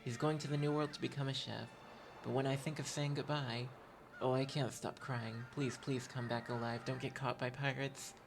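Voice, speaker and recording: A man's voice: medium pitch, flat delivery, normal speed, gravelly, close to an everyday voice. A man reading game dialogue as a tearful mother pleading with her departing son. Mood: worried. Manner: pleading, worried. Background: game music.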